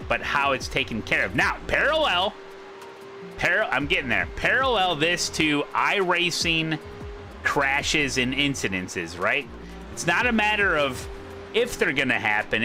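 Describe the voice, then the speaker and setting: Bright, animated man streaming casually. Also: medium pitch. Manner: rambling, self-interrupting, repeats his points. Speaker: sim racing streamer host. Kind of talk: casual livestream commentary.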